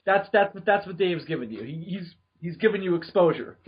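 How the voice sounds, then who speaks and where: A man with a high, lively voice hosts a casual podcast, teasing his friends and breaking into laughter. His tone is a little husky. The audio is dull and lo-fi. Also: a little fast. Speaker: podcast host.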